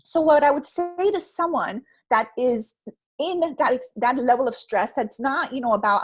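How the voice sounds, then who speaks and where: A woman guest and stress coach talking in a conversational interview, telling stories and acting out quotes in an animated way. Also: high-pitched, moderate pace, slightly rough. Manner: animated storyteller, acts out quotes.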